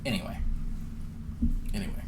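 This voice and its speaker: A man's voice: normal speed, a little hiss or hum, poor audio. A man doing profane, mocking commentary as a streamer, sarcastic and swearing often.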